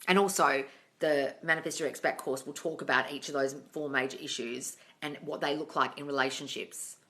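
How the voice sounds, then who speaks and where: A woman's voice: low-pitched, steady tone, fairly quick, bright, forceful tone. A young woman hosting a casual live Q&A on manifesting. She reads viewer comments aloud and answers them frankly, with swearing, and calls everyone darling.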